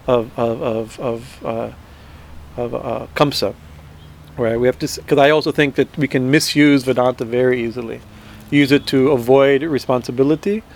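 Man, slightly high voice, spiritual teacher, informal group talk, halting, repetitive, earnest. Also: darkish tone. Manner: halting, repeats words, tags lines with "right?".

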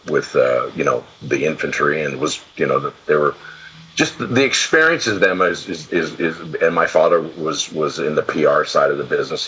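A man's voice: a bass voice, fairly bright tone, a little hiss or hum, low-quality recording. A man in his sixties from California, a podcast guest telling rambling, salty stories full of restarts. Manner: rambling, profane, with many restarts. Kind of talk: casual storytelling interview.

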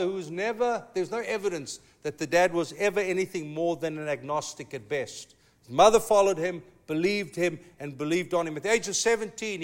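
A pastor preaching a sermon, telling a story with emphatic, slow dramatic pauses. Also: male voice, high voice.

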